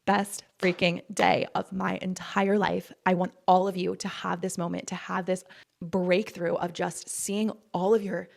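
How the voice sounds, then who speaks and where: A woman in her twenties telling a personal story in a vlog, animated and acting out what people said. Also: a little slow, gravelly. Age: 20s. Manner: animated, re-enacts quotes with big jumps in pitch. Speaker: vlogger.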